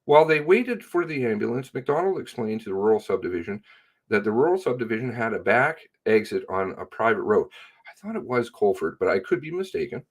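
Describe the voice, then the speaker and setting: A man's voice: mid-range voice, very animated, a little fast. A man reading news reports aloud and breaking in with sarcastic comments. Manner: sarcastic asides.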